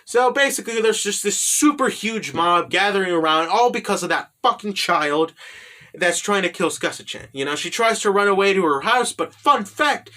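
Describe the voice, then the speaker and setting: A man's voice: sits high, sharp tone. A man giving a rambling, profane, casual recap of an anime, filled with "you know" and "right?".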